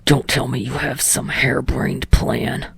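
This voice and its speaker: A woman puts on a sullen, foul-mouthed young man with a deep, gravelly, raspy growl. He talks in curt, grumbling bursts. It is read close to the mic in a dry, dead space. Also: steady tone, measured pace, dry recording, exaggerated voice. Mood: gruff. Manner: gruff, curt and swearing.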